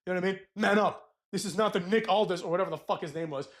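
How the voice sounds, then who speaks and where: A man's voice: high-pitched, racing. A man giving a profane, mocking rant recapping a wrestling show, ripping into wrestlers. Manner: crude, mocking, ranting, mimics wrestlers in whiny voices. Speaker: wrestling commentator.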